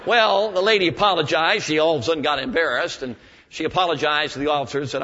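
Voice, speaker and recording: A man's voice: fairly high pitch, expressive, quick pace, pushed and bright, husky. A man preaching a sermon to his congregation in a folksy way, telling stories and asking rhetorical questions. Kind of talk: evening sermon. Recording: dull lo-fi sermon recording.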